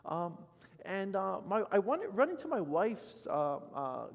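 Man, pastor, sermon, high voice, storytelling with quoted voices, long church reverb. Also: a little slow, vocal fry. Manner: storytelling with animated quoted voices, swinging from loud to soft. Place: church sanctuary.

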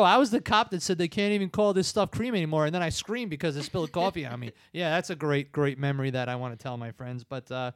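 A man hosting a podcast, retelling film scenes casually with quick impressions. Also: a little high, a bit bright, no room sound. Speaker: podcast host. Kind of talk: casual chat.

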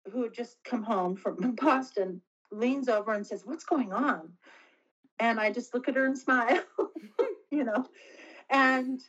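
A middle-aged woman, an interview guest, telling a personal story earnestly and haltingly, often restarting her sentences. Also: a little high, muffled recording.

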